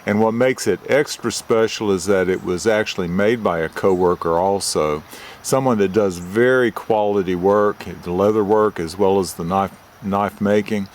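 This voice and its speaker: Low-voiced older man reviewing a knife outdoors. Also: slight background noise. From United States. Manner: plain, methodical, explains details slowly. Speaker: retired forester reviewing knives. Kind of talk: show-and-tell knife review.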